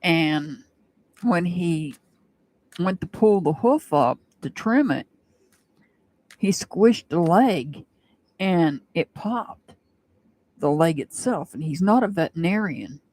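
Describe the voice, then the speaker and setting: A woman's voice: lowish voice, animated, takes it slowly, long pauses, darkish tone. A woman doing a live-stream tarot reading, chatting and rambling with her viewers and laughing often. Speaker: tarot reader.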